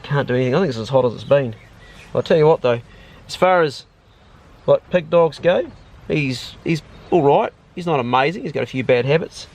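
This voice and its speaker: A vlogger and storyteller with a New Zealand accent chats in a rambling, laid-back way on his outdoor vlog, out on a hot day with his dogs. His mid-range voice is fairly quick, with lively intonation and a slightly mellow tone.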